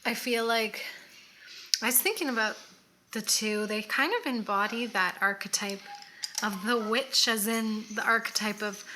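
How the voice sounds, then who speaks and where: A woman's voice: a little high, steady tone, a little slow, sharp tone, a little hiss or hum. A woman co-hosting a casual chat while doing her makeup, easygoing and chatty, often trailing off mid-thought. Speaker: co-host.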